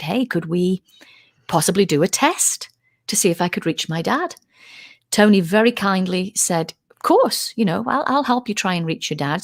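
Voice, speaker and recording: Woman in her middle years, chatty interview guest, lowish voice, does the voices of people she quotes. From United Kingdom. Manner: animated, acts out quoted voices. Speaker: guest, UFO researcher. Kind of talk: casual interview storytelling.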